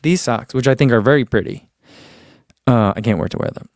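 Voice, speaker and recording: A man's voice: medium pitch, fairly quick, vocal fry, darkish tone, no room sound. Easygoing man chatting, dry close sound. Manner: easygoing, rambling, reads chat comments aloud. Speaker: running channel host. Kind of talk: casual livestream chat.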